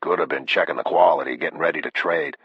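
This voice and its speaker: A man voicing a younger, deferential Texas deputy in a higher, eager drawl, in an audiobook reading. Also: fast talker, vocal fry, husky, no room sound, full character voice. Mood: thoughtful. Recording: dull, dry lo-fi audio.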